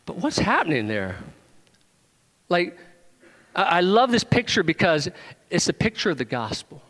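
A male pastor preaching with animated energy, his voice climbing into emphatic questions and teasing the congregation by name. His voice sits somewhat high for a man, and a long hall reverb trails each phrase. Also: normal speed. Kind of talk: sermon.

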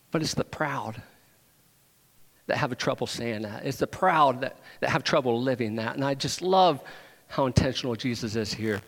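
A man preaching a sermon in a church, emphatic, rising to loud proclamations and dropping to hushed asides. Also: mid-range voice. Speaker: pastor. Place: church sanctuary. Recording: long hall reverb.

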